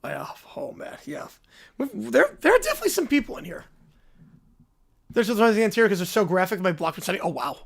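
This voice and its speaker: A man with a notably high voice hosts a live reaction stream, talking loosely to his viewers. He circles back and restates his points, with plenty of restarts. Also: wildly swooping pitch, fast talker, creaky. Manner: rambling, repeats himself with restarts. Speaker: livestream host. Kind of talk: casual live reaction chat.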